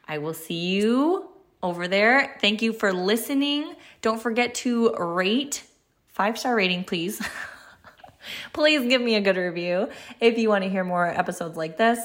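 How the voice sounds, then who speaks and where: A woman's voice: mid-range voice, a little slow, a bit bright. A young woman hosting her own solo podcast, chatting earnestly and encouragingly with lots of casual fillers. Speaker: podcast host.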